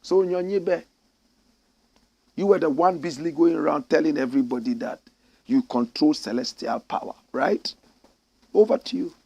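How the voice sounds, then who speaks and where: A man's voice: a little high, normal speed, vocal fry, long pauses, darkish tone, breathy edge, no room sound. A man with a Ghanaian accent giving opinionated, sarcastic news commentary, reading stories aloud and jabbing at their subjects.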